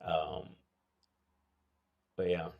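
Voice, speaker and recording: A man's voice: low-pitched, little pitch movement, extremely slow, creaky, dull audio. A tired man hosting a casual livestream chat, rambling with lots of filler words and restarts. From United States. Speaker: livestream host.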